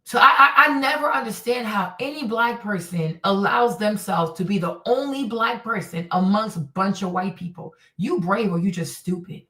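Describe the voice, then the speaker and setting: A woman hosting her own stream, telling stories and ranting bluntly in casual, profane, animated commentary. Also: medium pitch, moderate pace, hardly any pauses, far from the mic. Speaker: streamer host. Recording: echoey room, voice a bit off-mic.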